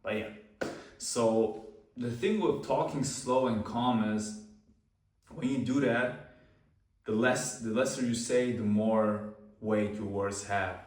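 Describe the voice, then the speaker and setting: Slow, calm man in an echoey room. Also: on the low side, recorded from a distance. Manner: slow, calm, pausing deliberately. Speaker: self-improvement video host. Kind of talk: slow deliberate talk to camera.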